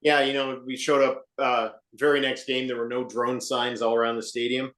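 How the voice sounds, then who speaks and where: Male co-host, mid-range voice, dry and measured, echoey room sound, news-segment reader. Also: mid-range voice, little pitch movement, fairly bright tone. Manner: dry, measured, many uh fillers. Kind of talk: casual fan podcast news report.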